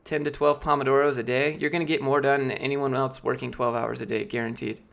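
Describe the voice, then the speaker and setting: Fielding live-stream chat questions, this Georgia man in his late twenties talks fast in a creaky, fairly bright, mid-range voice with little pitch movement. He's losing his voice and rambles casually, leaning on fillers and frequent restarts.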